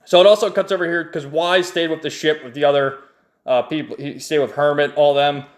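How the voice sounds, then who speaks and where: A man's voice: on the high side, steady tone, a little fast. A man casually recapping a comic book page by page, enthusiastic and rambling, chuckling often. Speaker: manga reviewer.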